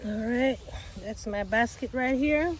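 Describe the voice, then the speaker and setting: A woman speaks in a raised, fairly high voice while filming herself in an outdoor garden. She talks slowly and excitedly to her viewers about her potatoes, in a casual vlog manner. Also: slight background noise. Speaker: gardening vlogger. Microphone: self-filmed camera.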